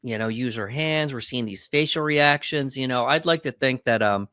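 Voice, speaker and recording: A man's voice: medium pitch, normal speed, bright, forceful tone, no room sound, studio quality. A man co-hosting a podcast, casually recapping film scenes and acting out quotes. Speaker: podcast co-host. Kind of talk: casual movie breakdown chat.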